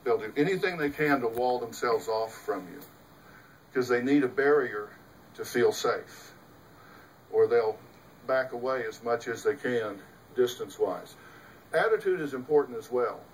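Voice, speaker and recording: A man's voice: medium pitch, lively intonation, unhurried, distant mic, a little hiss or hum, rough recording. A middle-aged man, a host and psychologist, giving an emphatic, folksy talk to an audience, full of rhetorical questions. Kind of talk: lecture to a live audience.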